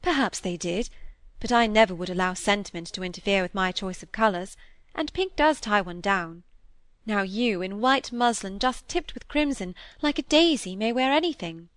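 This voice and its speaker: Careless, teasing young woman read by a woman, brisk storybook voice, dry sound. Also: medium pitch, lively intonation, dry recording, lightly acted. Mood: breezy. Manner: brisk, breezy, dismissive.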